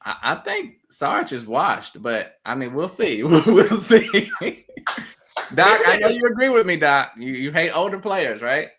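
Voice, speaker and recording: A man guesting on a sports podcast in a casual chat, easygoing and quick to laugh. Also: a little high, wildly swooping pitch, a bit bright, slight background noise.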